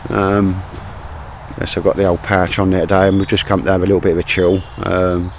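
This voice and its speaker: Chatty Cockney man, low voice. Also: little pitch movement, fairly quick, a little hiss or hum, low-quality recording. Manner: rambling, chummy, keeps saying "mate". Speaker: outdoor vlogger. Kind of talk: casual chat to camera. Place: outdoors in a wet wood.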